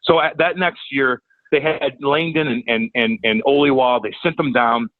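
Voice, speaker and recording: A man telling a profane, animated story as a podcast guest. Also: medium pitch, moderate pace, no room sound, narrow, tinny audio. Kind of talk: casual storytelling.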